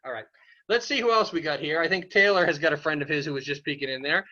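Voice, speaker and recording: A man's voice: fairly high pitch, animated, fast, pushed and bright. A man hosting a casual roundtable and chatting in an upbeat way with his guests. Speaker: host. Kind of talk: casual chat. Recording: dull lo-fi audio.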